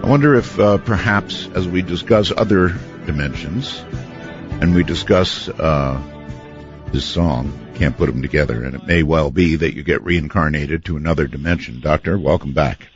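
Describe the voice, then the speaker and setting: A man hosting a late-night call-in radio show, chuckling easily and asking drawn-out questions. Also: extremely low pitch. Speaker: radio talk show host. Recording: muffled radio broadcast with faint music.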